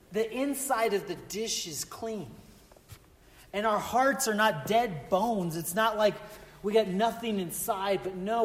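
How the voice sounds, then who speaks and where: A man's voice: sits high, big-room sound. A man preaching a sermon as pastor, earnest and emphatic, often repeating exclamations.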